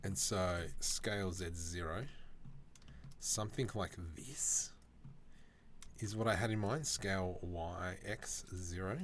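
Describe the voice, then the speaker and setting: A man's voice: sits low, slow pace, a bit bright, a little hiss or hum. A man chatting casually on a live stream while he works, reacting to viewer comments with jokes.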